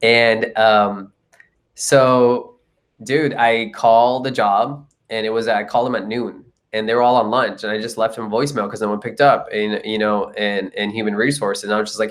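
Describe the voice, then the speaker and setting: A man's voice: on the low side, fairly even intonation, normal speed. A young man from India, a comedian and actor, telling his life story in a casual interview and acting out the people he quotes.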